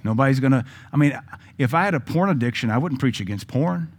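A man's voice: medium pitch, lively intonation, fast, breathy edge. A man with a Southern US accent, a pastor preaching a sermon in a conversational style with joking asides.

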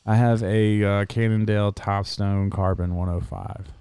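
A man telling a story in a casual chat, swearing freely and animated. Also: on the low side, moderate pace, clean tone, no echo.

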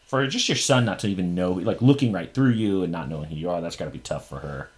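A man co-hosting a podcast in casual chat, talking in an animated way with many fillers. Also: low-pitched, fast talker. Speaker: podcast co-host.

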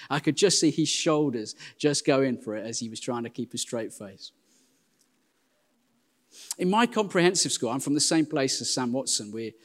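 An English man in his forties preaching a sermon in a church, telling self-deprecating stories in a lively way. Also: mid-range voice. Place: church hall. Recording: long hall reverb.

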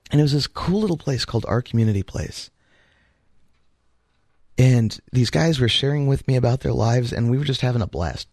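A man co-hosting a radio talk show, telling a story in a casual, animated way and acting out the voices he quotes. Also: medium pitch, dry recording, clean studio sound.

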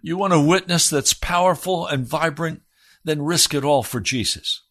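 A middle-aged man preaching as a pastor, firing urgent questions at his listeners and swinging from hushed lines to loud ones. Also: fairly high pitch, moderate pace. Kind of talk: sermon.

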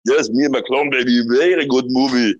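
A man's voice: medium pitch, a little fast, lo-fi sound, close to an everyday voice. A man voicing a boastful musclebound action-hero figure with a thick Austrian German accent and broken English, in an online audio chat.

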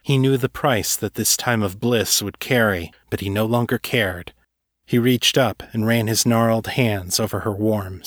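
A man who is an author and podcast host, reading his fiction in a measured, deliberate way. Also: fairly low pitch, dry recording, studio quality. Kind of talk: scripted fiction narration.

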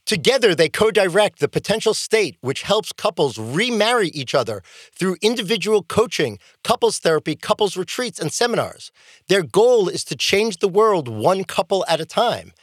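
An enthusiastic rabbi hosting a podcast and telling a story. His voice is high for a man, and his pitch swings widely. The recording is dry and close. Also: moderate pace, slightly rough, no room sound. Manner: animated, enthusiastic.

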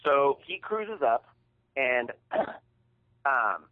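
A man's voice: medium pitch, big pitch swings, extremely slow. A man hosting a podcast, retelling an embarrassing story in a casual, profane, heated way. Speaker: podcast host. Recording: tinny phone-like sound.

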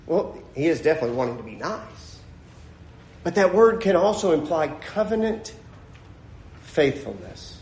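A male pastor preaching an animated sermon, acting out scenes as he goes, in a church. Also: on the high side, unhurried. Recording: echoey room.

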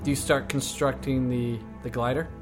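A game master narrating a tabletop game casually, at a middle pitch. Faint music plays underneath. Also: fairly even intonation, normal speed.

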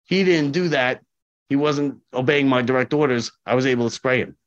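A man's voice: mid-range voice, fairly quick. A man who works as a corrections officer, telling stories casually in an interview, acting out the dialogue and repeating points for emphasis. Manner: animated, acts out dialogue, repeats himself for emphasis. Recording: slightly dull lo-fi audio.

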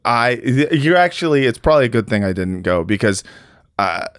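A man hosting a comedy podcast, joking loudly and laughing, often slipping into silly put-on voices, with lots of swearing. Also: fairly low pitch, moderate pace, clear, resonant tone, no room sound, studio quality. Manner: animated, laughing, profane, slips into joke voices. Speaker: podcast host. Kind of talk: casual comedic chat.

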